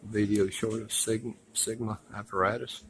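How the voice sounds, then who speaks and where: A man narrating casually as he films his walk through a museum, rambling and folksy and quick to complain. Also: fairly low pitch, flat delivery, gravelly, a little hiss or hum, rough recording. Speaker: vlogger touring a museum. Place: indoor museum.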